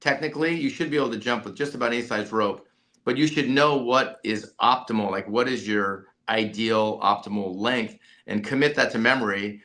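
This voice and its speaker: A man who is a company CEO and coach, telling an animated story in a podcast interview, full of restarts and "right?" tags. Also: fairly low pitch, a little fast.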